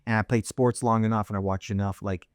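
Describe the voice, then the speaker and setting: A man's voice: on the low side, steady tone, fast, clear, resonant tone, no echo, studio quality. A middle-aged man hosting an interview, telling a family story with many restarts and acted-out voices. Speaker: host.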